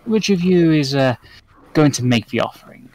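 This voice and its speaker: A man's voice: fairly high pitch, lively intonation, moderate pace, a little mellow, no room sound, rough recording. A man doing a smug, suave archdevil. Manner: polite, dry and smug.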